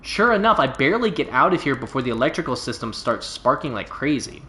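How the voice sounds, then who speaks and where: A man's voice: medium pitch, very animated, fast talker, pushed and bright. A man doing a boastful, drawling alien pilot. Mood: easygoing boastful. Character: boastful laid-back male alien pilot, stranded. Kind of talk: reading game dialogue aloud. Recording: roomy echo.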